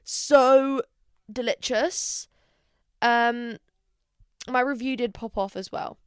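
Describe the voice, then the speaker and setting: Young woman vlogger, casual and sweary, smooth clear voice, fairly high, close and dry. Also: fairly even intonation, no room sound. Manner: chatty, swearing, quick asides; playful, dramatic exclamations. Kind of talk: casual chat to camera.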